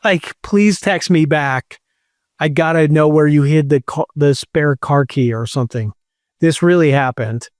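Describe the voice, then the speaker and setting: A man's voice: on the high side, measured pace, darkish tone, dry recording, studio quality. A middle-aged man casually telling a long personal story, rambling and swearing with lots of "like". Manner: rambling, swearing, many likes. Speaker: podcast host.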